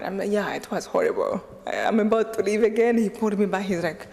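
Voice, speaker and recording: Woman from Rwanda, guest speaker, lively storytelling, laughs a lot, middle pitch, long hall reverb. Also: fast talker, few pauses. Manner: lively, laughing often, acting out dialogue. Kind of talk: storytelling talk to a live audience. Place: lecture hall.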